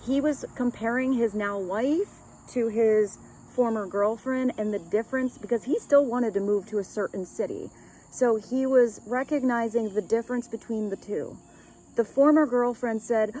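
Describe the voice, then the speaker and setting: A woman's voice: on the high side, normal speed, warm tone, slight background noise, low-quality recording. A woman giving a casual, rambling love reading as a tarot reader, chatting with light laughs.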